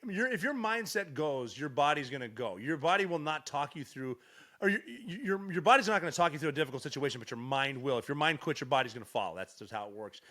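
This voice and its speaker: A man's voice: a little high, bright, forceful tone. A man in his forties from Montana, a veteran guest telling stories in a blunt, profane way with frequent restarts. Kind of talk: casual storytelling interview.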